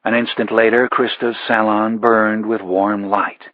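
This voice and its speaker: A man narrating a thriller audiobook in a measured, even delivery. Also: lowish voice, no room sound, highs cut off. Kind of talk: scripted narration.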